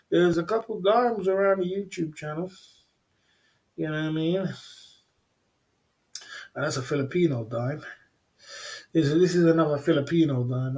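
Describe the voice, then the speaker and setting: A man hosting a casual livestream chat, relaxed and slangy, who chuckles often and repeats himself. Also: fairly high pitch. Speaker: livestream host.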